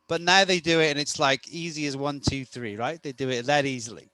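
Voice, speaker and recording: A man's voice: on the high side, fairly quick, few pauses, sharp tone, dry recording. Chatty man telling stories with a dry close sound. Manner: rambling storytelling with many restarts. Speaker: podcast co-host and coach. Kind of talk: casual conversation.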